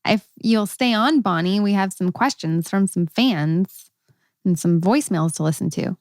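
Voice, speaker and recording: Relaxed woman podcast host. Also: mid-range voice, moderate pace, no echo. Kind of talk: casual podcast chat.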